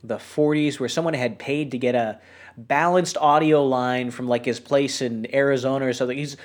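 A man from New Hampshire, co-hosting a podcast in a rambling, animated casual chat full of fillers. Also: medium pitch, moderate pace. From New Hampshire, USA. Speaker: podcast co-host.

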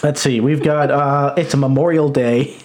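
A man's voice: mid-range voice, steady tone, moderate pace, a little mellow. A man hosting a comedy podcast, chatting casually and laughing often. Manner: laughs often, jokey and loose. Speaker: podcast host.

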